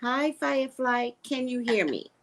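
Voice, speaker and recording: An older woman hosting a casual live stream, chatting with viewers and greeting them by name in sudden high squeals. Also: unhurried, a bit bright, slight background noise. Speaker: live-stream psychic host.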